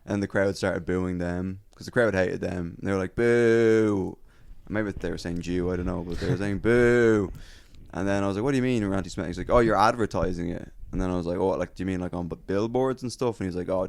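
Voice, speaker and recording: A man telling a lively stand-up story in casual podcast chat, acting out crowd voices and swearing freely. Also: low-pitched, very fast, gravelly, few pauses, no room sound.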